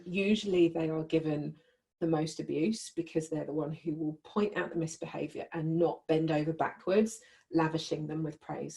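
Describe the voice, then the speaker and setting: Woman running a workshop, low mellow voice, chatty, keeps asking the room questions. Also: gravelly. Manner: conversational, checks in with listeners. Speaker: workshop leader. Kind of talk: teaching a live group.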